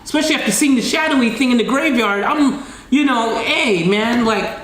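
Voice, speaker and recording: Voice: mid-range voice, normal speed. Chatty storyteller in an echoey room. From United States. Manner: animated, chatty, addresses viewers as guys, slang-heavy. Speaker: channel host. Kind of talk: casual storytelling to camera.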